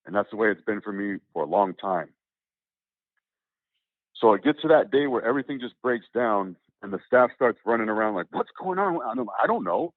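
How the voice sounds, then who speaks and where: Low-voiced man rambling over a tinny line. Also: a little fast, no echo. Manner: rambling, animated, many restarts and quoted voices. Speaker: interview guest. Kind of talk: casual storytelling. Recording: tinny phone-like line, dry.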